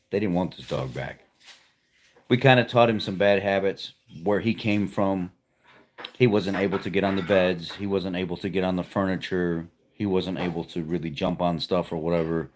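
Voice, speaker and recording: A man's voice: low-pitched, darkish tone, slight background noise. A man hosting a livestream from home, telling a rambling, heartfelt story to his viewers in a casual, folksy way. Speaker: livestream host. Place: at home with pets nearby.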